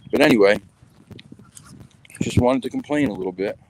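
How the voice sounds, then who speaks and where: A show host walks his dog outdoors in the rain, chatting upbeat and rambling into his phone for a casual vlog. His voice is mid-range at normal speed, with a noisy background.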